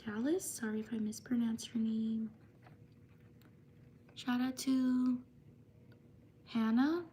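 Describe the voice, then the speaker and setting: Woman streamer, soft and mellow, reads names slowly; faint hiss behind. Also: fairly high pitch. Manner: slow, even reading of viewer names. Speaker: livestream host. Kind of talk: live stream shout-outs.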